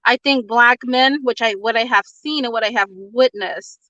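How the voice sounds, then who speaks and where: A woman's voice: fairly high pitch, moderate pace, pushed and bright, dry recording, lo-fi sound. An out-of-breath woman giving blunt opinions in a casual chat, talking over the other speaker. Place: in her car on a work break.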